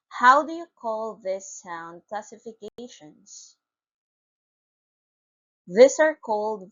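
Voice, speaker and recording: A woman's voice: mid-range voice, a bit bright, muffled recording. A woman teacher reading a phonics lesson aloud, spelling out letters and repeating each word with care. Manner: slow, deliberate, spells out letters.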